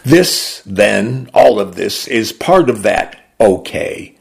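A man reading a literary short story aloud for a radio program, slow, deliberate and expressive. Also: lowish voice, creaky, breathy edge.

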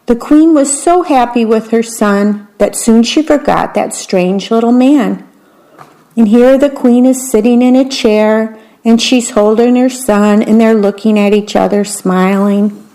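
A woman reading a children's story aloud in a gentle voice pitched a little high. She takes her time over each line and slips in small asides along the way. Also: unhurried, low-quality recording.

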